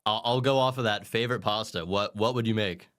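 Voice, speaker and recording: Man, interviewer, smooth clear voice, relaxed and playful delivery. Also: on the low side, a little fast. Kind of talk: casual interview.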